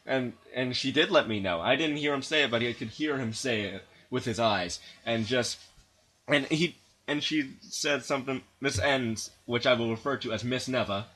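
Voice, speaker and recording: A man's voice: mid-range voice, normal speed, fairly bright tone. A man casually telling a long story on a podcast, rambling with restarts and laughing as he goes. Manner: rambling, laughs often, acts out quoted voices.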